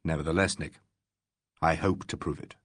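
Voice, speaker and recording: A man voicing a calm, wry police inspector in a classic mystery audiobook. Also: extremely low pitch, normal speed, voice pushed down.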